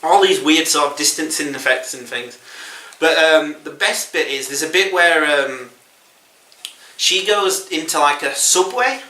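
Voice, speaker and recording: A man's voice: fairly high pitch, expressive, measured pace, sharp tone, echoey room, distant mic. A man hosting a casual film review chat, rambling and chuckling often. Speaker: film review podcast host.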